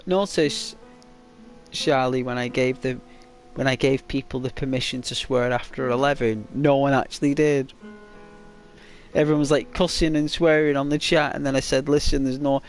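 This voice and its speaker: Rambling man chatting on a game stream. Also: mid-range voice. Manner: rambling, full of fillers. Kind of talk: casual live-stream chat.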